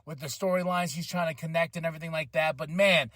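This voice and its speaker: A man hosting a podcast, recapping a wrestling show with animated enthusiasm and occasional excited shouts. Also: on the high side, quick pace, no echo, clean studio sound. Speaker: podcast host.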